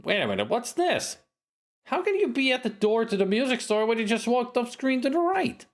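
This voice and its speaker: A man's voice: very high voice, sing-song, brisk. A man streaming a retro adventure game, reading its text aloud with wry, casual asides. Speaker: let's play streamer. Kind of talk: casual game commentary and narration.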